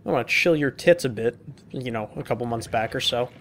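A man's voice: mid-range voice, fairly quick, slight background noise. A young man doing let's-play commentary, casual and profane, sarcastically reading notes aloud.

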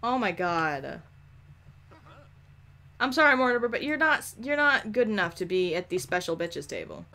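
Lively bright-voiced young woman. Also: mid-range voice, unhurried, pauses often. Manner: animated, swearing, laughing, scolding game characters. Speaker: gameplay commentator. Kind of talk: casual gameplay commentary.

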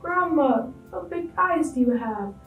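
A woman voicing a sweet, cheerful little girl in a storybook reading, with a high, soft, childlike way of asking questions. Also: animated, unhurried, roomy sound, far from the mic, phone-quality sound, soft background music. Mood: innocent.

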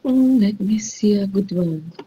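A Brazilian-accented woman, a native Portuguese speaker, has a medium-pitched, expressive voice with a dark tone, and the recording's highs are cut off. As the teacher of an online class, she runs a rhyming word game slowly, patiently and encouragingly.

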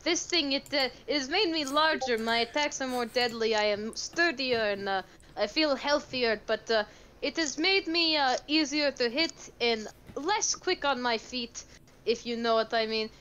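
A woman's voice: sits high, moderate pace, a bit bright, slight background noise. A woman playing a tabletop game, eagerly rambling in character and restarting often. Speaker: player. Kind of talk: tabletop role-play in character.

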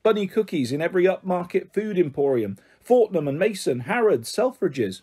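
Man doing kind patient older man, coaxing, reassuring, mellow husky voice. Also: sits high, very animated, moderate pace, exaggerated voice. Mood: persuasive. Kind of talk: audiobook character voice.

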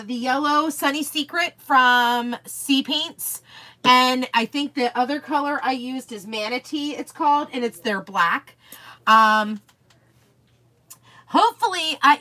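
Bubbly high-voiced woman streaming live. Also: sharp tone. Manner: bubbly, gushing and easily sidetracked. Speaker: craft product seller hosting a live stream. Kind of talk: chatty live-stream demo, reading viewer comments aloud.

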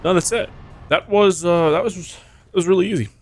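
A young man streams a video game, commenting casually to his viewers in a high-sitting voice at normal speed. He's excitable, swears a lot and breaks into yelps whenever he gets hit or things go wrong.

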